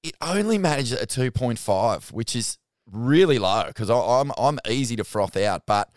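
A man co-hosting a podcast in casual chat, excitable and swearing freely. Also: medium pitch, moderate pace, no room sound, studio quality. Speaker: podcast co-host.

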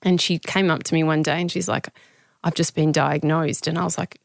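Woman podcast host from Australia, lowish voice, dry close sound, affirming and chatty. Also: fairly even intonation, brisk, gravelly, dry recording. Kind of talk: conversational interview.

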